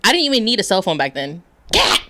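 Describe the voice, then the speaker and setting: A young woman co-hosting a casual podcast, telling stories in an animated, laughing way. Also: mid-range voice, racing, noisy background. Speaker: podcast co-host, host's fiancée. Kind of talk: casual chat.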